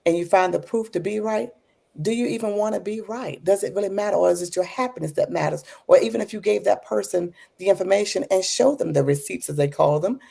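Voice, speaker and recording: A woman's voice: mid-range voice, fast, vocal fry, mellow, husky. A woman who is an author and educator, telling reflective personal stories in an interview and coming alive when she retells conversations.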